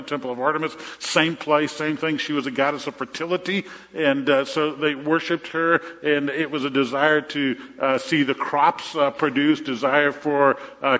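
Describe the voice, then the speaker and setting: Middle aged pastor guy preaching, kinda high voice, chatty, repeats stuff, big echoey church. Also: a bit bright. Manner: conversational, repeats phrases, tells jokes. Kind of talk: sermon. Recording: reverberant hall.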